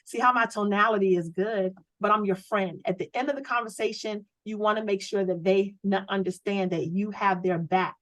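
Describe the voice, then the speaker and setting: An energetic woman leads a sales training from her home office over a video call. Her voice sits at a middle pitch and comes through close and dry. She coaches with a preachy, rallying push and keeps asking her listeners rhetorical questions. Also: normal speed, few pauses, no room sound, rough recording.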